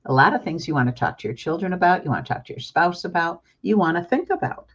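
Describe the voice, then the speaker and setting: A woman's voice: on the low side, very animated, fast, slightly rough, highs cut off. An older woman, a book author, speaking as a guest in a talk-show interview in an earnest, emphatic and openly emotional way.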